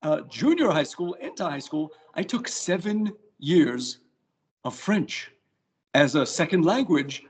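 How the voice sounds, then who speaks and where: A man's voice: a little high, expressive, a little slow. A middle-aged man with a New York accent, answering interview questions in a chatty, self-deprecating way. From United States. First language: English. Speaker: guitarist, interview guest.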